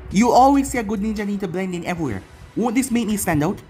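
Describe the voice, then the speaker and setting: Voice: medium pitch, animated, fast, warm tone, soft background music, lightly acted. The story's narrator voicing an eager, devoted young boy training as a ninja, reading a fan fiction aloud with sincere earnestness.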